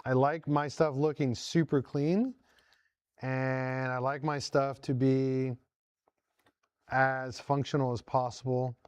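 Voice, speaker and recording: A man's voice: medium pitch, level tone, slow, smooth, dry recording. A man hosting a casual workshop vlog from his home garage shop, talking viewers through each step as he works. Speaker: host.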